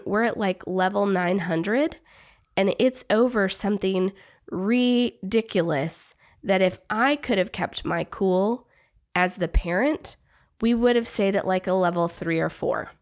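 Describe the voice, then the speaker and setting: Slow, gravelly-voiced woman therapist. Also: mid-range voice. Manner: thoughtful, reflective, speaks in measured phrases. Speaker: therapist and parent guest. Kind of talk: conversational podcast interview.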